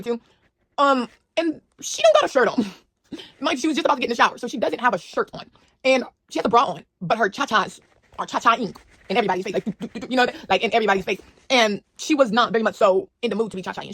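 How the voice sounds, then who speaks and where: A young woman telling a story in a casual, animated, slangy way, full of fillers and asides to the viewer. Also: fairly high pitch, husky, no echo.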